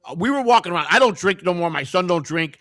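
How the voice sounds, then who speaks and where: Fast-talking older man spinning stories. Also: sits high, expressive, fairly bright tone, dry recording, studio quality. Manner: rambling storyteller, many restarts. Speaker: co-host. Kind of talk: casual chat.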